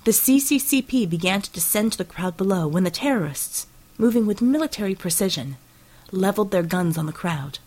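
A woman narrating an action audiobook in steady, dramatic storytelling. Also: mid-range voice, a little fast, low-quality recording.

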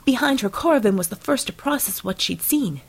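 A woman narrating an action audiobook in steady, dramatic storytelling. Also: on the high side, fairly quick, low-quality recording.

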